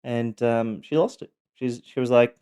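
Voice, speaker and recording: A man telling his personal story, speaking haltingly with many pauses and restarts. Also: mid-range voice, steady tone, dark tone, clean tone.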